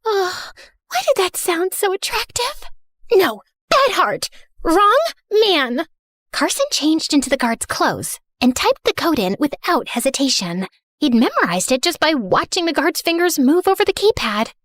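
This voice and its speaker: A woman's voice: very high voice, big pitch swings, unhurried, a bit bright, no room sound, studio quality, heavily acted. A woman voicing a dramatic spoiled heiress. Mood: sassy. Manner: theatrical, sarcastic, self-centered. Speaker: first-person narrator. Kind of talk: animated story narration in character.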